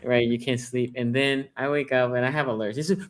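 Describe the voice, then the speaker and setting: Guy hosting a sports talk stream, chatty, mid-pitched voice, keeps saying right. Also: fairly even intonation, a little fast. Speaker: podcast host. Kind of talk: casual sports chat.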